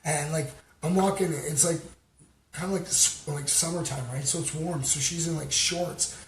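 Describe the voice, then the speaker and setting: A man from Canada hosting a livestream, chatting casually and giving shout-outs to viewers, rambling with many fillers. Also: on the high side, fairly even intonation, moderate pace. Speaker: livestream host. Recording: roomy sound with background noise.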